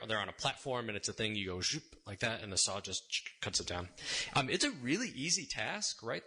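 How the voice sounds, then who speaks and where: A man preaches in a loose, storytelling way, wry and casual, often tossing a quick question back to his congregation. His voice is bright and forward, with an everyday middle pitch. He is speaking in a church sanctuary. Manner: casual, wry, checks in with "right?". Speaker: sermon speaker. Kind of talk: conversational sermon storytelling.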